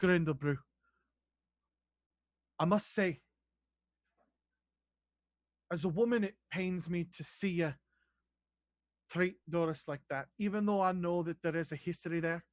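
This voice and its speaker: A man voicing a composed queen who speaks in formal, measured sentences. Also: high voice, dry recording, lightly acted. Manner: measured, stately speech.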